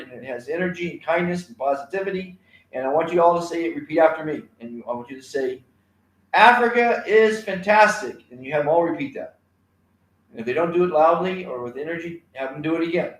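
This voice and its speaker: A man's voice: on the high side, fast, roomy sound, rough recording. A man teaching a kindness class alone on a live stream, rambling with many fillers and repeated words.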